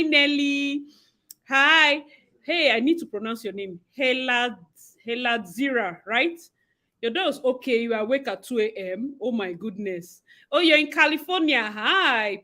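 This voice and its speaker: Young Nigerian woman, livestream host; high, bright, chatty, quick to laugh. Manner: chatty, greets viewers by name, laughs often. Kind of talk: casual live-stream chat.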